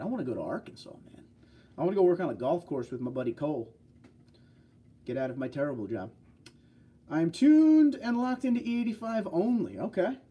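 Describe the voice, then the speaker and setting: A man's voice: a little high, warm tone, husky. A man from New York hosting a livestream, chatting casually and rambling through answers to viewer comments. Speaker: livestream host.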